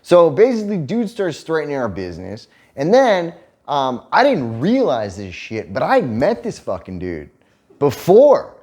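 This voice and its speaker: A man's voice: fairly high pitch, a little slow. A man in his thirties, casually telling a story on a couple's vlog, swearing freely and laughing as he goes. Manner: profane, animated retelling with laughter. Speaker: vlog co-host.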